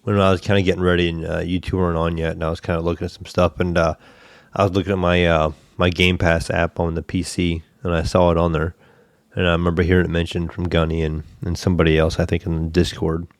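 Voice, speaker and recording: A man's voice: low voice, flat delivery, fast talker, no room sound. A man on a gaming podcast, talking in a laid-back, hesitant way with many fillers. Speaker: podcast co-host. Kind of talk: casual gaming chat.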